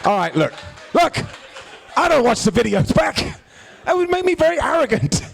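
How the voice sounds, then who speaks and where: A man with an extremely high, gravelly voice and a breathy edge hosts a live wrestling review show at a moderate pace. Jokey and animated, he banters with hecklers and others in the crowd.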